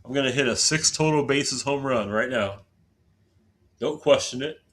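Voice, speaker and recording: A man's voice: medium pitch, moderate pace, fairly bright tone. A man from southern Indiana, casually chatting with his viewers as he plays a baseball game on stream, self-deprecating and talkative. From southern Indiana, USA. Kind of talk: casual live-stream commentary while gaming.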